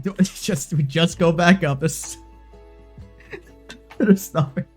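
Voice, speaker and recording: A live streamer giving loud, profane gaming commentary, excitable and quick to swing between giddy and exasperated. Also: mid-range voice. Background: faint background music.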